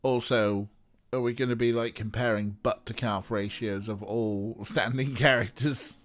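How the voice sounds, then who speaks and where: A man's voice: mid-range voice, steady tone, a little slow. A man hosting a let's play, joking and thinking aloud as he plays an adventure game. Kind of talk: casual gaming commentary.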